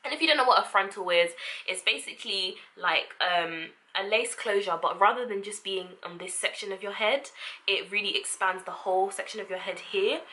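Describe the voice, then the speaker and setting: Bright, sassy young woman. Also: mid-range voice. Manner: sassy, expressive, quick asides and frequent laughter. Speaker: vlogger. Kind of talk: casual talk to camera.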